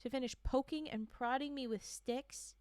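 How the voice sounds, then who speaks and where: A woman's voice: sits high, normal speed, a little mellow, no room sound, natural voice. A woman reading the part of a furious, defiant researcher held in containment who swears as she protests. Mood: bitter.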